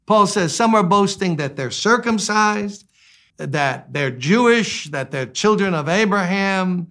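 A man in his sixties preaching a sermon, animated, swinging between loud exclamations and quiet asides. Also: high-pitched, a little slow. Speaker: pastor.

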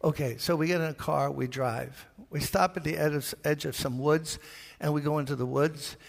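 A man's voice: fairly high pitch, moderate pace, gravelly. An older man from Brooklyn with a New York accent, a pastor telling a story in a sermon and acting out the voices in it. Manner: animated storyteller, acts out voices. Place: large church. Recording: reverberant church hall.

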